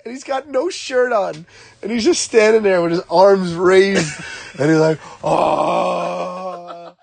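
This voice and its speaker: A man's voice: sits high, normal speed, a little mellow, dry recording. A man chatting casually, telling anecdotes, mimicking other people's voices and sound effects, laughing often. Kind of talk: casual storytelling chat.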